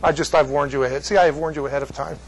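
Male Bible teacher, higher voice, loose and chatty with the class. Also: fairly even intonation, very fast, slight background noise, poor audio. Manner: chatty, jokey asides to the class.

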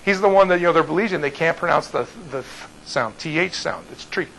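A male pastor telling a story to his congregation in an animated way, often restarting and repeating words. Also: on the high side, quick pace, gravelly, a little hiss or hum, low-quality recording.

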